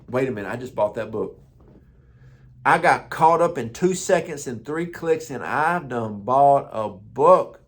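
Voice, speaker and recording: A man who is a pastor, giving a conversational motivational morning talk with stories and repeated words. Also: medium pitch.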